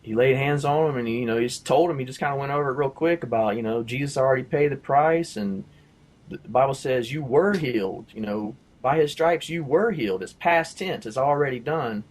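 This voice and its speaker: A man sharing a faith testimony in casual talk, rambling with lots of fillers and his voice jumping high and loud at the exciting parts. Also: fairly quick. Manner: rambling storyteller, many fillers like "you know" and "like".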